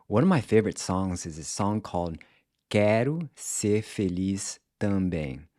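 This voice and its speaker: Slow, low-voiced man teaching. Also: expressive, dark tone, dry recording, clean studio sound. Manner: slow, careful, demonstrates pronunciation by repeating words. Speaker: language teacher. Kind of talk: scripted lesson narration.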